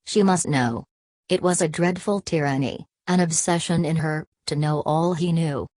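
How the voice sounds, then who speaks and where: A woman narrating an audiobook of a classic novel in a steady, measured reading. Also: sits low, no echo. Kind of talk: scripted narration.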